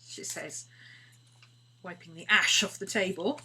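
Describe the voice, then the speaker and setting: A woman's voice: on the low side, a little slow, slightly rough. A woman chatting casually while crafting on a live stream, often dropping to a murmur. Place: home craft studio. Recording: steady background hum.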